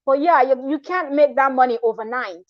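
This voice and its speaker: A woman's voice: high voice, moderate pace, no room sound, highs cut off. A woman vlogger talking casually and frankly, rambling with restarts and asides. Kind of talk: casual commentary vlog.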